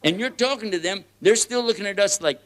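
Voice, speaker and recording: A man with a Texan accent preaching a lively, joking sermon, often laughing and swinging between loud and soft. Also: high-pitched, a little fast. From United States.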